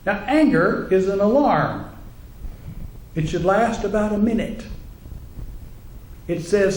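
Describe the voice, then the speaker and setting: A man's voice: high voice, animated, slow, long pauses. A male minister giving a humorous sermon in a wry, conversational way, acting out the voices he quotes. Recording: echoey room, faint ambience.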